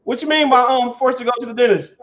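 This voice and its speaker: Laid-back high-voiced man hosting a livestream. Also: fast, fairly bright tone. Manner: loose, laughing, greets viewers by name. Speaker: livestream host. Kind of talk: casual livestream chat. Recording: dull lo-fi stream audio.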